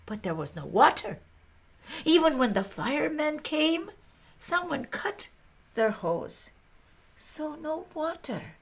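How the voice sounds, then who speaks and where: Taking on the role of a plainspoken Chinese American pioneer woman, a storyteller talks straight to her listeners in Chinese-accented English, breathy and quick to laugh. Here the mood is sorrowful, and her exaggerated voice sits a little high.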